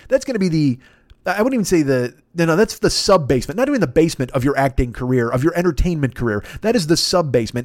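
A man hosting a comedy podcast, swearing through a rant that mocks himself. His voice is high for a man. The sound is dry and close to the mic. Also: no echo. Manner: profane, ranting, self-mocking. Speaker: podcast host.

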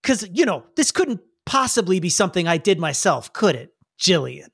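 A man's voice: high voice, very animated, vocal fry, husky, dry recording, clean studio sound, full character voice. A man voicing a smug, taunting young male villain in a tabletop game. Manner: sneering, taunting, slow and smug. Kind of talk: game master voicing a character.

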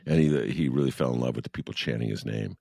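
Host, male, husky and deep, chatty with lots of uh's. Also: fast talker, a little mellow, no echo, clean studio sound. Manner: laughs easily, many fillers and restarts. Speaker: interview host. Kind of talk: conversational interview.

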